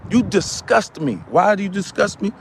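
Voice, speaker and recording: A man playing a boastful, hot-tempered man who rants on a live stream, swinging from muttering to yelling. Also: high voice, expressive, normal speed, gravelly, slight background noise. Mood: scornful. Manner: ranting, repetitive, swinging from mutters to yells. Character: loud boastful ranting man, quick to anger.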